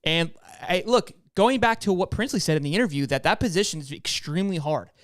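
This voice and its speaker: Male sports show host, fairly high, smooth voice, joking, restless delivery, dry sound. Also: expressive, fast talker, fairly bright tone, no echo. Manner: upbeat, joking, repeats words. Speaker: podcast host. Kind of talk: casual sports chat.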